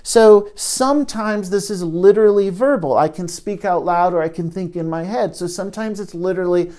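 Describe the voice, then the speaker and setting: A male therapist teaching in a gentle, reflective monologue, pausing and restarting as he thinks. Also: high voice. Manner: gentle, thoughtful, with frequent pauses and restarts.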